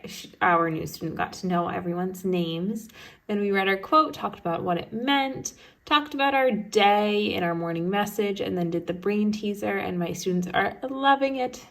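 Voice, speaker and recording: A woman's voice: mid-range voice, creaky, fairly bright tone. A young woman, a third grade teacher, chatting at home into a phone held up in front of her, gushing and full of "like"s and little laughs. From Maine, USA. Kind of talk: casual vlog chat to camera. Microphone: phone held up to the face.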